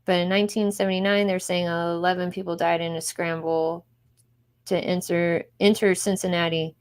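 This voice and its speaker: A woman's voice: on the low side, level tone, normal speed, clean tone. Chatty woman streamer reacting to videos. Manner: chatty, reacting to videos, talks to viewers as y'all. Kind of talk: live stream commentary.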